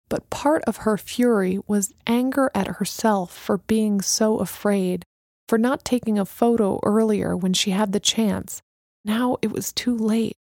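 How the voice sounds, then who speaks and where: A woman narrating a story in a measured, even storytelling manner. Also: mid-range voice, no echo, studio quality. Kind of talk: audiobook narration.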